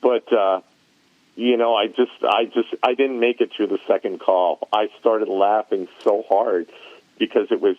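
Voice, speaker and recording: A man in casual podcast chat, an animated storyteller recalling his years as an arena announcer. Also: lowish voice, measured pace, no echo. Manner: animated storyteller, laughs at his own tales. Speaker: former arena announcer, guest. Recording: tinny phone line, dry.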